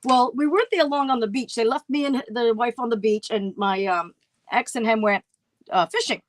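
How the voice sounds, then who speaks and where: A woman's voice: fairly high pitch, moderate pace. A middle-aged woman telling a story on a casual livestream chat, acting out her own past voices. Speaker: co-host.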